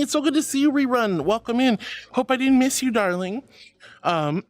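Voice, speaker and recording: A woman streaming as a VTuber archangel persona, chatting casually with her viewers in a playful, dramatic way and turning soft and comforting when she consoles them. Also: mid-range voice, sing-song, unhurried, pauses often, faint music behind. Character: archangel persona, regal and sweet. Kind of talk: casual livestream chat.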